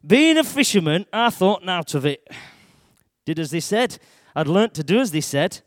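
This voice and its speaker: Lively man telling a story. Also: high-pitched, moderate pace, no room sound, clean studio sound. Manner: broad dialect, lively, shouts at dramatic moments. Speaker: church storyteller. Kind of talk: first-person dramatic Bible storytelling.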